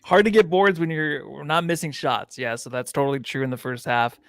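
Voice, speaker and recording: A man's voice: on the high side, moderate pace, vocal fry, a bit bright, dry recording, clean studio sound. A man co-hosting a casual sports podcast, joking and goofy, swearing freely. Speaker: podcast co-host.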